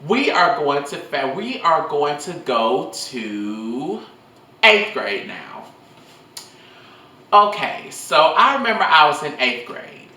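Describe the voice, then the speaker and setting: Young guy ranting about school stuff, cussing, bright voice, phone mic in an echoey room. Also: on the high side, takes it slowly, recorded from a distance. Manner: rambling, profane, animated storytelling. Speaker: vlogger telling school stories. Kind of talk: casual storytelling vlog.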